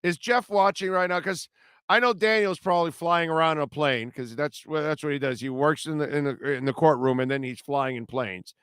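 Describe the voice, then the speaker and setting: A male sports talk host with a slightly higher voice, smooth and resonant, recorded dry and close. He rambles in a casual, animated way, trips over his words and circles back. His delivery is loose and conversational. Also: a little fast, dry recording. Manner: animated, laughing, rambling with restarts.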